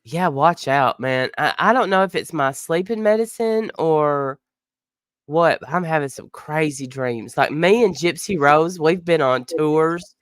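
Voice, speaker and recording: Stream host, female, lower voice, just over being sick, animated and laughing, close dry sound. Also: a little slow, no echo. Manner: animated storyteller, laughs a lot. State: recovering from illness, nasal. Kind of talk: casual chat.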